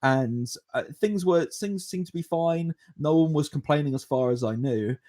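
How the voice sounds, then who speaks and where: A man's voice: fairly high pitch, normal speed. Rambling man in his twenties. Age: 20s. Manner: rambling, animated, chuckles often. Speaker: podcast host. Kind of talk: casual storytelling, answering viewer questions.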